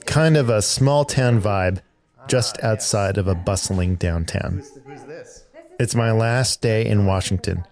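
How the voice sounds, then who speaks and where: A male podcast host narrates from a script in a measured, earnest way. His voice sits a little low. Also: a little mellow.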